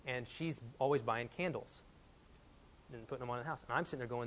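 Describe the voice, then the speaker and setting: A man's voice: mid-range voice, fast talker, fairly bright tone, slight background noise. A man from Texas in his thirties preaching a sermon as a pastor, telling a personal story and building to emphatic points.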